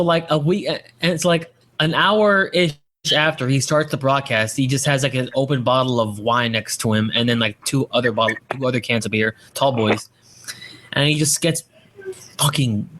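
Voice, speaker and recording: A man's voice: medium pitch, moderate pace, a bit bright. A man hosting a podcast in casual chat, rambling and swearing with frequent restarts. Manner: profane, rambling with many restarts. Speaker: podcast host.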